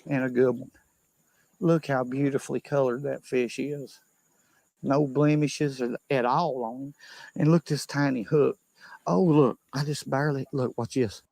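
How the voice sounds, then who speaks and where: A man's voice: medium pitch, fairly even intonation, a little slow, gravelly, darkish tone. A man with a thick Southern accent narrating a fishing video, folksy as he shows off his catch.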